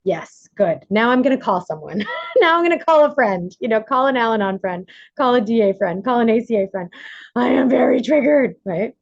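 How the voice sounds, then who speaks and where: A woman facilitating an online recovery workshop on a video call, animated, acting out quotes with big jumps in pitch. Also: fairly quick, no echo, muffled recording.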